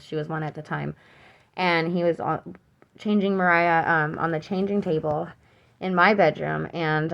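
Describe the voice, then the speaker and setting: A young woman giving an unscripted personal account, earnest and troubled, halting with many fillers and restarts. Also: sits low, lo-fi sound. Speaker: mother telling her own account.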